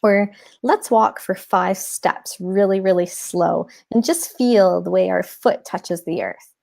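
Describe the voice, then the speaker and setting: A woman guest who teaches mindfulness to children, explaining techniques in an animated way in a casual interview. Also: mid-range voice, slow pace, vocal fry. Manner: animated, demonstrates with props and breathing.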